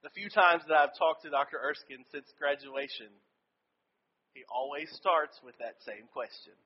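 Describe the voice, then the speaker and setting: A man's voice: on the high side, moderate pace, slightly rough, lo-fi sound. A male pastor giving a sermon and telling a personal story in an earnest way.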